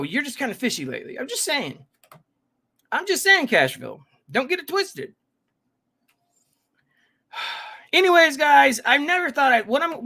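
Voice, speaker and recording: Rambling and often cutting himself off, a man hosts a casual live reaction stream, chatting with viewers and greeting each by name. His voice is very high-pitched with a sharp tone.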